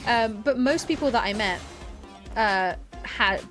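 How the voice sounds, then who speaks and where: Soft background music plays under a young woman's fairly high, slightly bright voice. As a streamer and game master, she chats to her live chat in a loose, rambling way, breaking into quick laughs.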